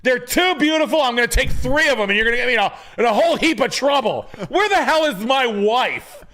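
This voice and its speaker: A man doing a high, sing-song impression of a flamboyant male realtor. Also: lively intonation, fairly quick, bright, forceful tone, exaggerated voice. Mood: fussy, squealing. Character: flamboyant middle-aged male realtor, fussy and squealing.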